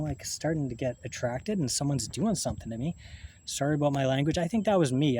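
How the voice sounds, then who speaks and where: Man, middle-pitched, halting vlog monologue, restarts and profanity, faint background noise. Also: a little mellow. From Canada. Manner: halting, rambling, with frequent swearing and restarts. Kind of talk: rambling monologue to camera.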